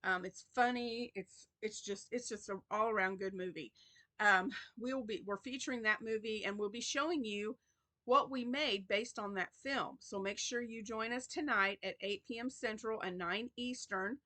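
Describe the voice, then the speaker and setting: A woman's voice: mid-range voice, moderate pace, sharp tone. A woman hosting a crochet channel in a casual vlog, chatty and rambling with many restarts, tired and yawning.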